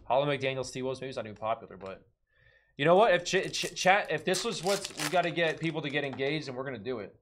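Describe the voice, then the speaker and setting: A man's voice: medium pitch, expressive, fast, a bit bright, slight background noise. A young man hosting a live card break, chatty and laughing often as he calls out cards. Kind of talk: casual live-stream chat.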